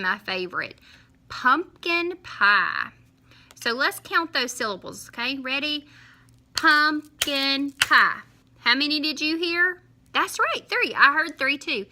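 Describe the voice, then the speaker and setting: A woman teacher, her voice very bright and rather high. She talks young children through a class in a slow, sing-song way and draws each syllable out. A faint hiss sits under her voice.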